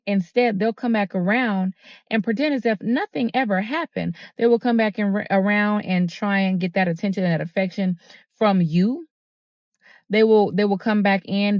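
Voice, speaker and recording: A woman hosts a motivational talk in a fairly low voice. She talks earnestly and repeats her points, with plenty of fillers. Her voice is recorded close and dry. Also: a little mellow, no room sound. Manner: earnest and repetitive, with many fillers. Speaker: host.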